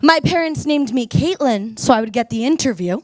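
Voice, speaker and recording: A young woman with a high voice works through a stand-up set on a club stage with a handheld mic. Her delivery is wry and self-mocking, and she slips into quick voices for the people in her jokes. The sound is close and dry. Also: lively intonation, dry recording. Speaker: stand-up comedian.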